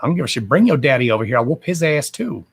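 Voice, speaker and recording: A man's voice: medium pitch, sing-song, very fast, gravelly, breathy edge. A man hosting a casual livestream from home, talking bluntly and swearing freely in a fired-up, emphatic rant. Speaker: livestream host.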